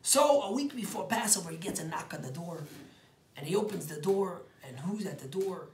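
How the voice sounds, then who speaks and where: A man, a rabbi, telling a story as a sermon, dropping to hushed whispers and rising to loud, emphatic bursts. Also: sits high, animated, moderate pace, roomy sound, slight background noise.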